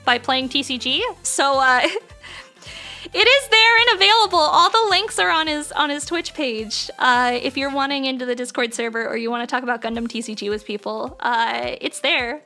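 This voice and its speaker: Woman streamer, very high bright voice, chatty and gushy while crafting live. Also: brisk, hardly any pauses, faint music behind. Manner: chatty and gushing, with many fillers.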